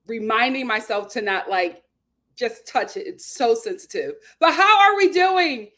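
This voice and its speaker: A woman's voice: high voice, very animated, moderate pace, sharp tone. Chatty woman hosting a stream. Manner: chatty, ranting, greets viewers by name. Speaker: live-stream host. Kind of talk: casual live-stream chat.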